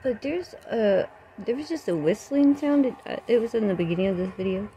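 A woman's voice: a little high, animated, fairly quick, mellow. Anxious woman vlogging on her phone outdoors. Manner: anxious, breathless running commentary. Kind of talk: handheld paranormal vlog commentary. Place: outdoors by a road at night. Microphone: phone camera. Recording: phone recording with outdoor noise.

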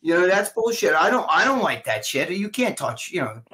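A man's voice: high-pitched, big pitch swings, fairly quick, pushed and bright. A man hosting a live stream, trading crude, laid-back banter. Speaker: host. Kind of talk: casual chat on a live stream.

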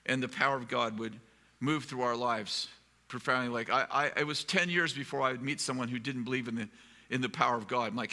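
A pastor telling a humorous, rambling personal story in a live sermon, with self-deprecating jokes. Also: male voice, medium pitch, a little fast, bright, forceful tone, big-room sound. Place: live event hall.

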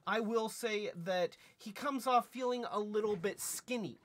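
A man's voice: sits high, a little slow. A man giving a casual toy review in a playful, rambling, jokey way.

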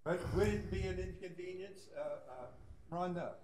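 A man speaking as a resident at a public meeting, insistent and halting, with many fillers. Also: high voice, background noise. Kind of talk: heated public comment.

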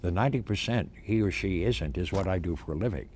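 An older male actor being interviewed about his career, talking in an emphatic, animated way with many restarts and stammers. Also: low voice, quick pace, a little hiss or hum.

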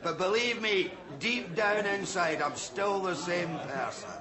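A man's voice: high voice, lively intonation, a little slow, crowd noise. A man playing a pompous, condescending politician who has shed his working-class accent, in a sitcom. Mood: patronising. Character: pompous middle-aged Labour-style politician who lost his accent. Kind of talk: sitcom acting.

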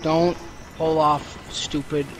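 A man's voice: fairly high pitch, flat delivery, slow, background noise. A man in casual game chat with friends, irritable and sarcastic, swearing often. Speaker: gamer.

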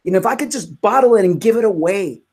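A woman's voice: mid-range voice, animated, fast, darkish tone, husky. A woman hosting a casual faith conversation, speaking fervently and emotionally, full of "you know" and "like". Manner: fervent, emotional, many fillers. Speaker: host.

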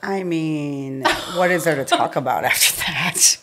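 A woman hosting a casual podcast chat, who reacts readily, laughs quickly and uses many fillers. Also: low voice, background noise.

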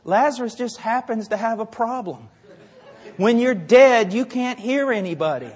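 A man delivers an impassioned sermon in a strikingly high voice. He drives his points with rhetorical questions and dramatic pauses, and his words ring out with a long reverb through a large hall. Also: expressive, a little mellow, slightly rough, some chatter behind. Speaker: preacher.

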